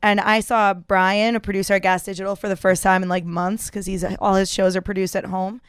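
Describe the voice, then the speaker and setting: A woman's voice: medium pitch, level tone, brisk, smooth, dry recording, clean studio sound. A woman in casual comedic chat on a podcast, blunt and profane, laughing often. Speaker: podcast guest. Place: podcast studio.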